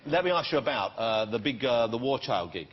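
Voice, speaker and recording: A man's voice: mid-range voice, lively intonation, slightly rough, a faint crowd. A middle-aged man hosting a talk show, playful and jokey, teasing his guest. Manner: playful, jokey, quick, often laughing. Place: TV studio with live audience. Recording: dull TV sound with loud studio audience.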